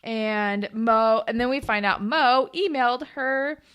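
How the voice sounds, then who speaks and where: Young woman podcasting, chatty and giggly, lotta "like"s, voice sits a bit high. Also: slow pace, a bit bright, smooth. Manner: chatty, laughs often, lots of "like" and "um". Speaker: podcast co-host. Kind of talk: casual recap chat.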